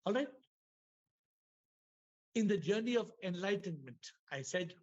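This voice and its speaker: A man's voice: high-pitched, expressive, a little slow, pauses often, low-quality recording. A man with an Indian English accent giving a spiritual talk. He tells stories, repeats his points and asks his listeners questions. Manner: storytelling, repetitive, asks the audience questions. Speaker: spiritual teacher. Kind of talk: spiritual talk to an online audience. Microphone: video call.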